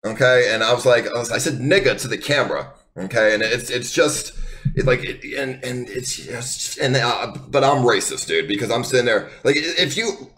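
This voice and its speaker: A man's voice: mid-range voice, lively intonation, moderate pace, a bit bright. A young man streaming live, ranting to his viewers in a heated, defensive way, swearing a lot and rambling with many restarts. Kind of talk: unscripted rant to viewers.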